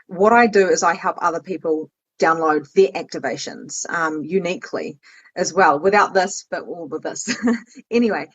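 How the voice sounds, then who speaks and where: A woman in her thirties hosts a casual podcast conversation, rambling in an animated way and laughing often. Her voice is husky and breathy. The audio is muffled and lo-fi. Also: lowish voice, normal speed. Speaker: podcast host and spiritual coach. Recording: dull lo-fi audio.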